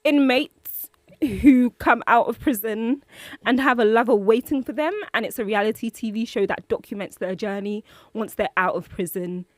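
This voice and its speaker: A woman's voice: fairly high pitch, normal speed, no room sound, studio quality. A woman co-hosting a casual podcast chat, telling stories with lots of laughter. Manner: animated, laughing storyteller. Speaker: podcast co-host.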